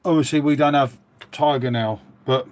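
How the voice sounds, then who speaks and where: A man's voice: mid-range voice, steady tone, normal speed. A middle-aged Englishman, chatting casually and rambling to viewers on a live stream. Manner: chatty, rambling, matey, reading out viewer comments. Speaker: livestream host.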